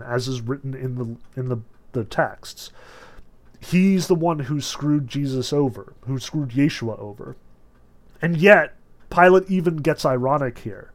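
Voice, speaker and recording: A man lecturing on a novel, emphatic and animated, with sudden surges of stress and casual asides. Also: mid-range voice. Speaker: literature lecturer.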